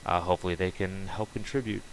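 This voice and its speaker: Low, flat-voiced man rambling on stream. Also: quick pace, slight background noise, low-quality recording. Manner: rambling, loose, full of fillers and restarts. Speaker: streamer building on a game server. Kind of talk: casual rambling stream chat.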